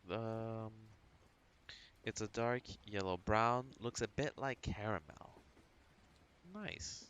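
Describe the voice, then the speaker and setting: A man on a livestream talking through his drawing steps in a relaxed, chatty way, thinking aloud and humming to himself at a home computer. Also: fairly low pitch, slow, a little hiss or hum. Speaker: livestreaming artist. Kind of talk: casual tutorial narration while drawing.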